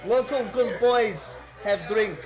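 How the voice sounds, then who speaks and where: A man's voice: sits high, slow, voice pushed up, poor audio. A man voicing a pushy, friendly drunk Eastern European stranger in a pub, in a put-on Eastern European accent and broken English. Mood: insistent. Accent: put-on generic Eastern European. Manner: broken English, insistent, loud.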